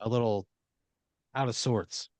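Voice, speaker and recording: A man's voice: mid-range voice, steady tone, unhurried, dry recording. A man hosting a comedy podcast, improvising a story in the second person, with lots of fillers, and sometimes dropping into quoted voices. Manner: rambling, many fillers, jumps into quoted voices.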